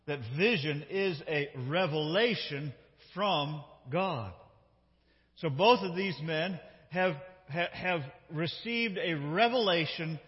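A male lead pastor preaching a sermon, reading scripture aloud with emphatic character lines and asking the congregation questions. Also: a little high. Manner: conversational, asks the congregation questions. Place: church sanctuary. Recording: dull reverberant church hall sound.

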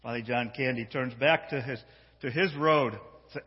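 A man preaching a sermon, telling a story with lively animation and often repeating words as he builds up steam. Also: mid-range voice, moderate pace, breathy edge. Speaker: pastor. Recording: dull sound with long hall reverb.

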